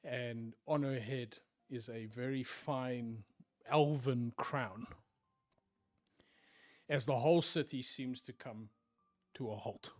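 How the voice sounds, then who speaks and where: A man narrating a tabletop game as game master, often sinking to hushed tones for dramatic moments. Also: mid-range voice, steady tone, slow pace, no room sound, studio quality, faint music behind.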